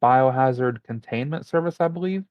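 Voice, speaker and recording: A man chatting on a podcast in a loose, rambling way, stopping to look details up as he goes. His voice sits at an ordinary pitch. The sound is dull and dry, with no room around it. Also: moderate pace, no echo. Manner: relaxed, rambling, looks things up as he talks. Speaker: podcast co-host. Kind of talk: casual chat.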